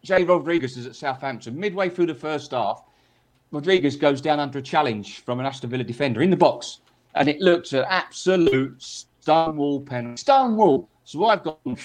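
This older man, once a football referee, speaks briskly in a fairly high voice. He tells anecdotes on a podcast in a chatty style, repeating words and acting out quotes.

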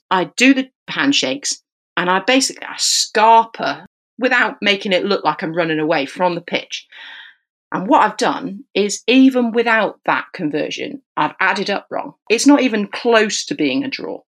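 A woman, a rugby referee, telling a podcast anecdote in an animated way and acting out the dialogue. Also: mid-range voice, normal speed.

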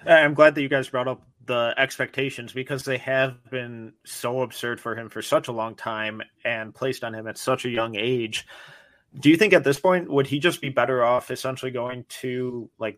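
A man's voice: medium pitch, fairly bright tone, dry recording. Dry, close-miked man hosting. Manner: asks long, layered questions. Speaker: podcast host. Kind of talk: casual sports podcast hosting.

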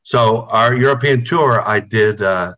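Over a video call, a middle-aged New York man who plays guitar in a band tells rambling, profane stories as an interviewee in casual conversation, repeating words as he goes. His lowish voice is fairly bright, at a measured pace.

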